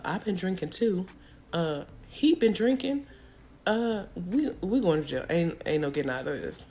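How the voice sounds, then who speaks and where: A woman's voice: on the low side, a little hiss or hum. A young woman, telling a story casually and acting out the people she quotes.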